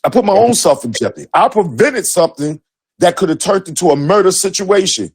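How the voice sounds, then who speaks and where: A man's voice: high-pitched, expressive, brisk, husky, no echo. A middle-aged man, co-host of a sports talk show, telling a story with profanity and emphatic acted-out dialogue. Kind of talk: animated storytelling.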